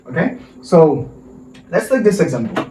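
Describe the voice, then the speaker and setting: Male English teacher, slow repetitive drilling, echoey far-off mic with faint hiss. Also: on the high side, sing-song, a little mellow. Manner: slow drilling, repeats words and asks for repetition. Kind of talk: vocabulary lesson for Haitian Creole and French speakers. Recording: roomy, distant mic with faint noise.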